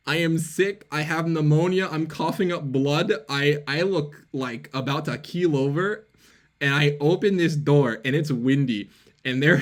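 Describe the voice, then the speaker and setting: A man's voice: fairly high pitch, measured pace. Young man, avatar vlogger, casual storytelling, rambling, filler-heavy.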